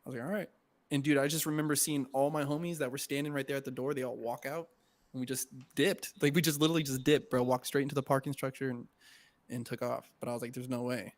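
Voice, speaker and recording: A man's voice: mid-range voice, fairly even intonation, quick pace. A young man co-hosting a podcast, telling a story in casual slang, swearing and saying "bro" and "dude" constantly. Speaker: podcast co-host.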